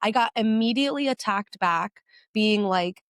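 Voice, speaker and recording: A woman co-hosts a casual podcast at an ordinary mid pitch. She speaks conversationally, with many "like" fillers. The recording is dry and close. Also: gravelly, clean tone, dry recording. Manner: conversational, frequent "like" fillers, quick agreeing "mm-hmm". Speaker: podcast co-host.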